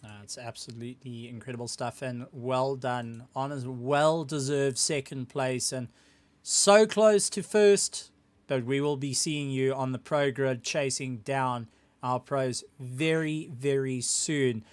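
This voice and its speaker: A man with a South African accent hosting a sim racing broadcast, interviewing drivers after a race and building up excitement. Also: mid-range voice, a little slow. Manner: hyped, building up excitement when introducing the winner.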